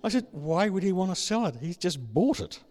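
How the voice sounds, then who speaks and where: High, animated preacher in a hall. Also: male voice, fairly quick. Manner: storytelling, builds to shouting. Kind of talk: sermon. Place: large church hall. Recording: reverberant hall.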